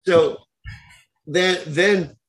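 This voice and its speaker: A man, a tattoo artist guest on a podcast, telling an animated story in casual chat with lots of fillers. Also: sits high, extremely slow.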